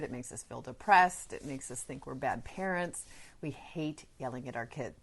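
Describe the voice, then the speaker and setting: A woman with a notably low, deep voice for a woman talks on her parenting podcast. She speaks to her listeners in a casual, earnest way, as if chatting with them. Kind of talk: casual advice talk. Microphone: podcast microphone.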